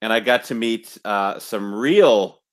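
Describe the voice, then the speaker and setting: A man's voice: on the low side, slow pace. A man co-hosting a casual wrestling podcast, sarcastic and emphatic in his banter. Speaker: podcast co-host.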